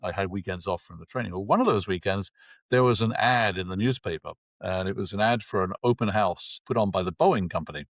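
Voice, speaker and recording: Lively storyteller man in his 60s. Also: deep voice, fairly quick, dry recording. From England. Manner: lively anecdotal, acts out quoted dialogue. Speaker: interview guest. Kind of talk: conversational storytelling.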